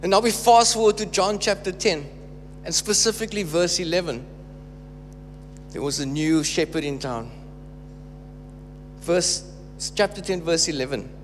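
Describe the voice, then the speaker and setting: A male preacher with a high voice delivers a sermon, pressing his points home by saying them twice. His words ring through a hall with a long reverb, and a faint hum sits under the recording. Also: normal speed, pauses often. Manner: emphatic, repeats phrases for stress.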